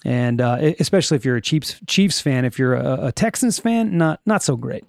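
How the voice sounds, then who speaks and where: A man's voice: medium pitch, expressive, moderate pace, vocal fry, no echo, studio quality, soft background music. A middle-aged man hosting a casual solo podcast, musing aloud in a rambling way and correcting himself as he goes. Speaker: podcast host.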